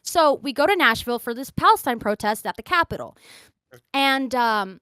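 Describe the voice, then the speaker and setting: A young woman with a high, bright voice tells stories in a casual podcast chat. She acts out the people in her stories and slips into their voices. The sound is close and dry. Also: moderate pace, smooth, no echo. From grew up in Qatar and the American South. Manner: animated storyteller, acting out quoted voices. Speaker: podcast host.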